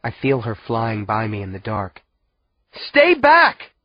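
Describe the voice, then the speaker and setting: A man's voice: lowish voice, level tone, moderate pace, no echo, dull audio. A man narrating an audiobook in the first person with tense storytelling.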